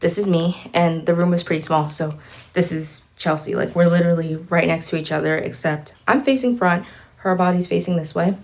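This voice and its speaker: Gravelly, low-pitched young woman vlogger. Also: normal speed, poor audio. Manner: chatty, filler-heavy retelling with lots of "like"; indignant, exasperated storytelling. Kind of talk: storytime vlog.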